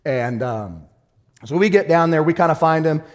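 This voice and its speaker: Animated preaching man with a raised pitch. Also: normal speed, big-room sound. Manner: animated preaching that swings from shouts to a hushed, laughing storytelling tone. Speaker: pastor. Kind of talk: sermon.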